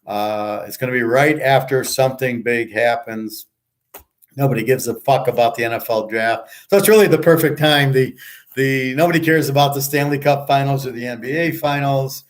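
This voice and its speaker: At a moderate pace and medium pitch, a show host who is also a handicapper rambles through a casual monologue. He rants and scoffs bluntly, swears a lot, and frequently restarts what he's saying.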